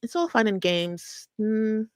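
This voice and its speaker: A woman's voice: mid-range voice, slow, clear, resonant tone, no echo. A woman hosting a true crime channel, chatting casually and animatedly with her live-stream viewers. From South Africa. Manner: animated, chatty, breaks into laughs and asides.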